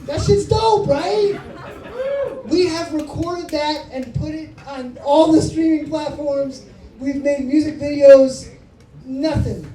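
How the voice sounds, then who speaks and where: A woman's voice: high-pitched, steady tone, a little slow, mellow, a faint crowd. A woman in her thirties doing stand-up comedy, telling a story in a brash, profane, hyped-up way. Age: 30s. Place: comedy club stage. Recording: roomy club sound from a distance.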